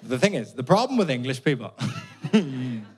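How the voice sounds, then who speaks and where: A young man with a Belfast accent doing stand-up comedy, animated, sweary and exasperated, on a stage mic. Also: medium pitch, normal speed, background noise. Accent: Northern Irish, Belfast. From Northern Ireland. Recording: live audience laughter in a venue. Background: audience laughing.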